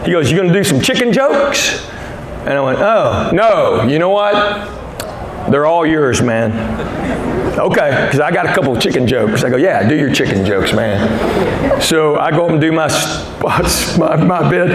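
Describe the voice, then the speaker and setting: A man's voice: fairly high pitch, animated, a little slow. A middle-aged man doing a stand-up comedy set, telling stories and acting out the dialogue. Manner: storytelling, acting out dialogue with character voices. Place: large venue with live audience laughing. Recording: echoey live venue with crowd noise.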